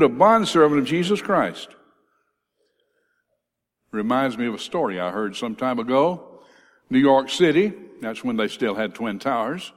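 A man preaching a sermon in a church, lifting his voice on scripture quotes and dropping low on key words. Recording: reverberant hall.

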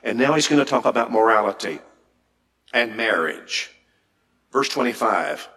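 A man's voice: lively intonation, normal speed, bright, forceful tone. Guy preaching a sermon, reads verses then riffs on them, voice jumps up when he gets going, asks the crowd stuff. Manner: reads scripture aloud and comments, rising pitch when emphatic; repeats words and restarts, asks the audience questions.

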